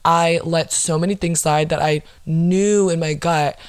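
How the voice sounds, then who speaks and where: A woman's voice: low-pitched, fairly even intonation, measured pace, clear, resonant tone. A woman hosting her own solo podcast, ranting in a sarcastic, profane way full of fillers. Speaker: podcast host.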